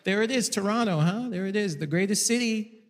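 A man doing stand-up on a live music hall stage, bantering loudly and brashly with the crowd. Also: sits high, brisk, slight background noise. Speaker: stand-up comedian.

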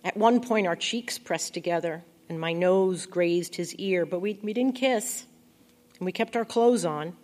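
A woman reads a first-person story in a quiet, intimate, reflective voice. Her pitch sits a little low for a woman, and the delivery stays close and unhurried. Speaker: audiobook narrator. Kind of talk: first-person audiobook narration.

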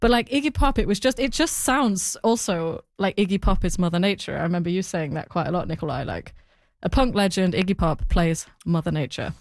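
A woman guest in an interview, answering in an animated, rambling way, full of "like" and "I mean". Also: fairly low pitch, fairly quick, hardly any pauses, dry recording, clean studio sound. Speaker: podcast creator, guest.

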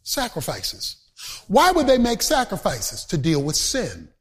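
His pitch swoops wildly around a high register as this man preaches without hurry. Emphatic and often shouting, he slides into a sing-song chant, breaking off for colloquial jokes with the congregation.

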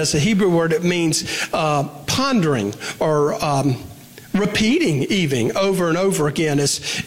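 A man preaching a sermon in a conversational way, asking his congregation questions and repeating phrases for emphasis. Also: high voice. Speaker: pastor. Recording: long reverb of a hall.

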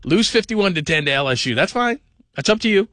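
A man hosting call-in sports radio, rambling and animated, sometimes mimicking people in funny voices. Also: sits high, brisk, no echo, studio quality.

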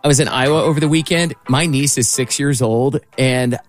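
A man's voice: mid-range voice, normal speed, loud music behind the voice. A man hosting a casual chat, telling a family story and mimicking the voices of relatives. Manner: animated anecdote teller who mimics family voices.

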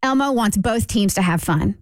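A woman's voice: medium pitch, animated, normal speed, no room sound, clean studio sound. A woman hosting a morning radio show, chatting playfully and reading listener posts aloud with laughter. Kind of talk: casual morning radio chat. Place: radio studio.

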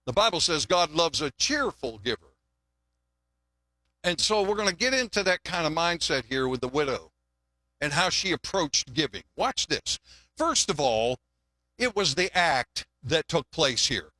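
A man's voice: on the high side, sing-song, a little slow, pushed and bright, no room sound, studio quality. An older man preaching a sermon in a folksy, conversational way, often restarting his words and mixing in jokes. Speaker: pastor.

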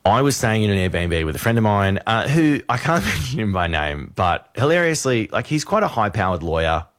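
A man co-hosting a radio show, telling a funny story with lively repetition. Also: on the low side, a little fast, dry recording, studio quality. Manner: animated storyteller, repeats punchlines. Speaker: radio host. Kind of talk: casual radio banter, storytelling. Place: radio studio. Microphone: studio microphone.

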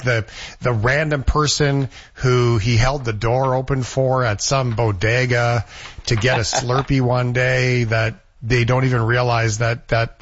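A man's voice: mid-range voice, dry recording, muffled recording. A man hosting a casual chat, reflective and easygoing. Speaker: host.

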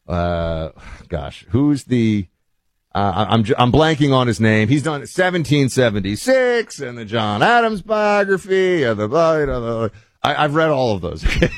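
A man's voice: fairly low pitch, dry recording, clean studio sound. A man hosting a show in a casual monologue, rambling with frequent restarts and fillers. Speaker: podcast host and author.

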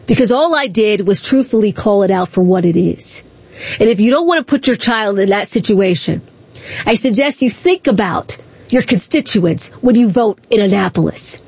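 A woman's voice: mid-range voice, animated, normal speed, a little mellow, breathy edge, no echo. A woman hosting talk radio, speaking in a combative, indignant way with repeated rhetorical questions.

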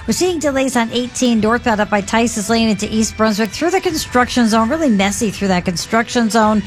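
A woman reading the morning traffic on the radio, rattling off highways and delays in a brisk, crisp, rapid delivery. Her voice sits fairly high, with a faint music bed playing underneath. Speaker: traffic reporter. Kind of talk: rapid scripted traffic report.

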